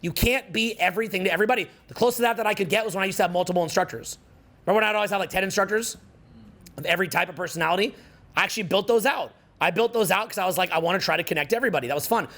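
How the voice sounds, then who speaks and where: A man's voice: high-pitched, racing, fairly bright tone. A middle-aged man with a Canadian accent, giving an emphatic motivational seminar talk as a coach, often repeating phrases for effect. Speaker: social skills coach.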